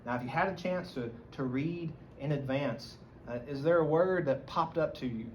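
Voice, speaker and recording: A man's voice: fairly high pitch, moderate pace, a little mellow. A man with a Southern American accent teaching a church Bible study, reading scripture aloud and explaining it earnestly. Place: church meeting room. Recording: dull lo-fi recording, faint room noise.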